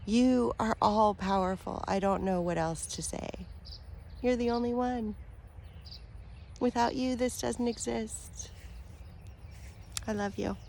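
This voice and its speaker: A woman talking straight to her viewers as a spiritual vlogger, earnest and affectionate, rambling with fillers and soft laughs. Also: fairly high pitch, slow pace, gravelly, long pauses, slight background noise. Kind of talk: heartfelt direct-to-camera talk.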